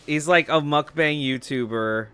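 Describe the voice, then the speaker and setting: A man's voice: a little high, measured pace, fairly bright tone, smooth. A young man hosting a let's play, chatting casually over gameplay with lots of fillers and swearing. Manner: rambling, swears freely, many fillers.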